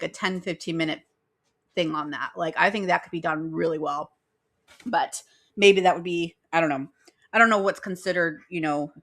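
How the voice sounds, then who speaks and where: Bright-voiced rambling young woman podcaster. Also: lowish voice, vocal fry. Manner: rambling, filler-heavy, giggly. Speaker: podcast host. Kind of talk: casual podcast chat.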